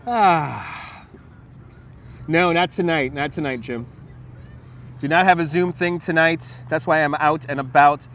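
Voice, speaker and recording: A man walks and talks on a livestream, his voice a little higher than most. He rambles, laughs easily and swears as he answers chat. A lapel mic picks him up over faint street traffic. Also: measured pace, long pauses, a bit bright. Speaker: livestream host. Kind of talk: casual live-stream chat while walking. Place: outdoors on a city waterfront. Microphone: wireless lapel mic.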